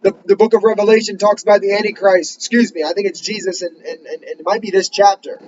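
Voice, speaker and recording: A man preaching a sermon in an earnest, urgent way, reading scripture slowly and pressing his listeners with emphatic questions. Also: high voice, steady tone, darkish tone, dull audio, slight background noise. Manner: reads scripture slowly in King James wording.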